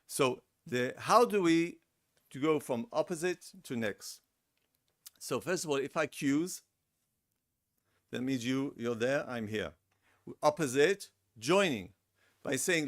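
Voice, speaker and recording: A man's voice: medium pitch, animated, a little slow, dry recording. Middle-aged guy giving a seminar talk, repeats himself a lot, dry close sound. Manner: conversational, acts out example lines, repeats words. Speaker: seminar lecturer. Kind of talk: relationship seminar lecture. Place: lecture room.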